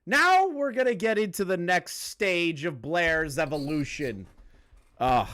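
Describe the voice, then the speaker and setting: A man rants to his viewers in a loose, profane commentary. His voice sits a bit high and jumps all over the place, and he sounds sarcastic and fed up. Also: sing-song, unhurried, a bit bright. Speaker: commentary video host. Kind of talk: casual ranting commentary to a live chat.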